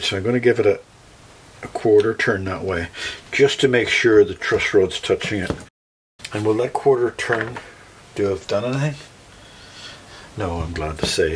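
A man's voice: lowish voice, a little hiss or hum. A Northern Irish man, a luthier, talking through a guitar repair as he works, thinking aloud and correcting himself mid-sentence. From Northern Ireland. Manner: thinks aloud while working, self-correcting.

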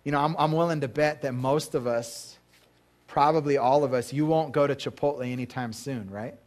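A man's voice: medium pitch, moderate pace, a little mellow. A male pastor preaching a sermon in a church, talking casually to the congregation, asking them questions and acting out the voices in his stories.

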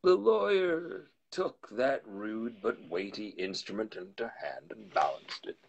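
A man narrating a classic tale aloud in an expressive live reading. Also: fairly low pitch, measured pace, gravelly, dull audio, slight background noise. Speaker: storyteller.

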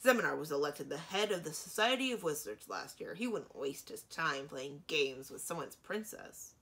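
A woman's voice: low voice, sing-song, moderate pace, a bit bright, heavily acted. A woman voicing a scornful, dismissive male dragon in a storybook reading. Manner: snorting, scornful.

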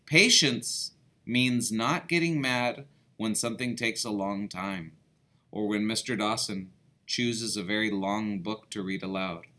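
A man voicing a kind, patient father in a children's story read aloud, explaining things calmly. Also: on the low side, unhurried. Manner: calm, explaining.

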